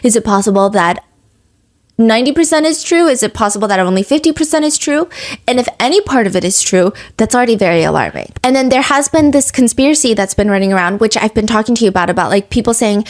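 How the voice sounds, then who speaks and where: A young adult woman hosting a true crime podcast, telling the story in a fast, animated, breathless way. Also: mid-range voice. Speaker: podcast host.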